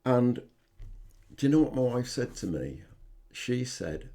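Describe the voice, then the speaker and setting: An older man, hosting a podcast and telling personal stories in an earnest, halting way. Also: mid-range voice, very animated, warm tone. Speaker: podcast host. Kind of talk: personal reflective monologue.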